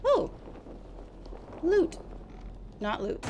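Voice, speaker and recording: Excitable woman gamer, slow and lively. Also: a little high, a little hiss or hum. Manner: excitable, exclaiming, laughing often. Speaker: gaming streamer. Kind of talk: casual co-op gameplay commentary.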